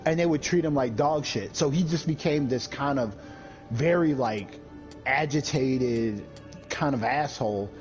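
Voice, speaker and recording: On a gaming stream, a man with a mid-range voice chats casually at a measured pace, swearing heavily and animatedly doing the voices of the people he describes. The stream audio is dull and lo-fi, with faint game music behind him.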